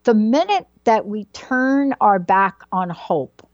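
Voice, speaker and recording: A woman's voice: medium pitch, very animated, takes it slowly, dry recording, dull audio. A woman giving a motivational talk about a book, emphatic and repetitive, building her points like a preacher. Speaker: speaker presenting a book.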